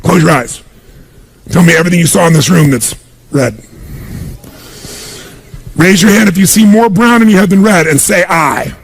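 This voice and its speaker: A man's voice: sits high, normal speed, pauses often, slightly rough. A man giving a live motivational seminar speech, speaking emphatically and quizzing the crowd with call-and-response questions.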